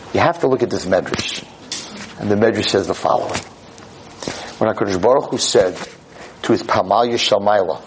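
A man teaching a Torah lesson through animated storytelling, repeating phrases for emphasis. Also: fairly low pitch, a little hiss or hum, low-quality recording.

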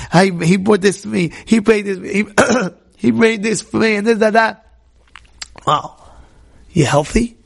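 Animated high-voiced man teaching Torah. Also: vocal fry. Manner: animated, repetitive, questions the audience directly. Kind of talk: informal Torah class talk to a live group.

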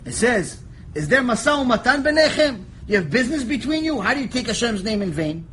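Animated high-voiced man giving a Torah lecture. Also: a little fast, slight background noise, low-quality recording. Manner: animated storytelling, acts out voices, jokes, shouts for emphasis. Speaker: rabbi teaching a lecture series.

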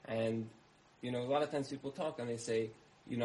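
A man speaking at a middle pitch, telling parables to his listeners. He keeps the delivery conversational and returns to phrases again and again. He often pauses to ask the audience what they think. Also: fairly even intonation, warm tone, poor audio. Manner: conversational, uses repetition and asks listeners questions. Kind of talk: storytelling talk with parables.

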